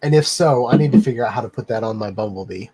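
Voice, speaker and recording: A man hosting a casual live stream, rambling and filling pauses with lots of "um.". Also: on the low side, mellow, breathy edge. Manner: rambling, many "um" fillers. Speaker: livestream host.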